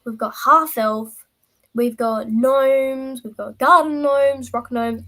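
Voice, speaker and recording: A woman streamer talking off the cuff to her viewers, her voice sitting a little high. She rambles, doubles back on herself and keeps things light and playful. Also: fairly even intonation, takes it slowly, a bit bright, poor audio. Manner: rambling, self-interrupting, playful. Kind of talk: casual live-stream chat.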